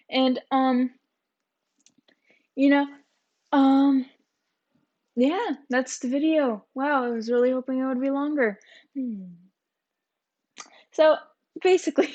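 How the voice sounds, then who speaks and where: A woman's voice: on the high side, darkish tone. Rambling young-sounding woman vlogger. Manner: rambling, chatty, many fillers. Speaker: YouTuber. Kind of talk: casual vlog chat.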